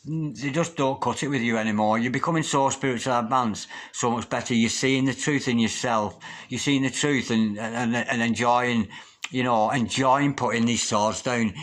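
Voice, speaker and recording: A man giving a spoken tarot reading to camera, earnest and halting, often repeating his words as he searches for them. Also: mid-range voice, a bit bright. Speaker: tarot reader.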